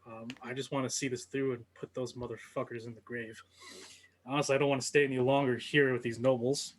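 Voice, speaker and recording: A man's voice: medium pitch, little pitch movement, brisk, lightly acted. A man voicing a blunt, hostile male drow elf fighter in a tabletop game. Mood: grim. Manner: blunt, curt.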